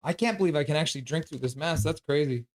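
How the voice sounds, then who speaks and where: A man's voice: fairly high pitch, fast, a little mellow. A man hosting a live stream, calling hockey play-by-play in a casual, chatty way and joking with chat between calls.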